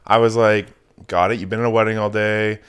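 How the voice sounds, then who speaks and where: Podcast host, male, low register; foul-mouthed, animated anecdote teller. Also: fairly quick, slight background noise. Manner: profane, animated storyteller. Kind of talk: casual storytelling chat.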